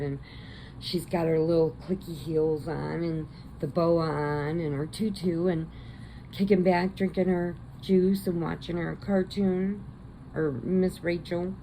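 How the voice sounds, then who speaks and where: Middle-aged woman, deep gravelly voice, slow easygoing vlog chatter. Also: a little hiss or hum, low-quality recording. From American Midwest. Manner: chatty storyteller, animated quotes. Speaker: crochet vlogger. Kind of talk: casual chat.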